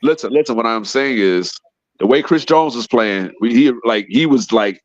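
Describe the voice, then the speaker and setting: A man's voice: medium pitch, expressive, normal speed, lo-fi sound. A man hosting a heated sports podcast, teasing the others and talking over them in boisterous banter. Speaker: podcast host.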